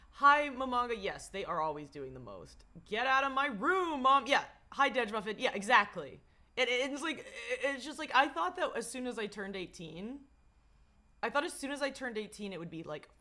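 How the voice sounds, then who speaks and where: A young adult woman livestreaming with a slightly hoarse voice, rambling and swearing casually while she greets her chat. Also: on the high side, sing-song, moderate pace, bright, forceful tone.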